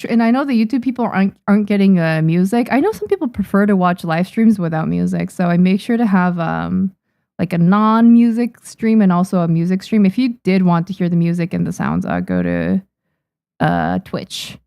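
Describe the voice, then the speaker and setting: A woman's voice: fairly low pitch, expressive, moderate pace, vocal fry, warm tone, clear, resonant tone, dry recording, studio quality. A young adult woman, a manga artist, chatting casually on a livestream at her desk microphone, thanking viewers with frequent ums. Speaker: manga artist streaming to chat.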